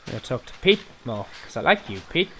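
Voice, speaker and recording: A man's voice: mid-range voice, sing-song, fast, vocal fry, slight background noise. A man joking and muttering asides as he plays a video game. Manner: drawling, jokey, muttered asides. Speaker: let's play host. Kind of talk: casual game commentary.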